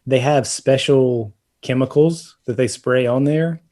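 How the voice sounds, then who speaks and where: Unhurried and dark in tone, this medium-pitched male co-host chats casually about roofing on a home-repair podcast. He explains things at length, often restarting and using fillers.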